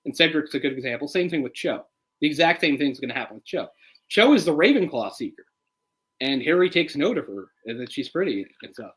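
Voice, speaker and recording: Opinionated man ranting, slightly high voice. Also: a little fast, low-quality recording. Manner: opinionated, gets heated and animated when ranting; chatty, full of "like" and restarts. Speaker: film commentary co-host. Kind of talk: casual live movie commentary.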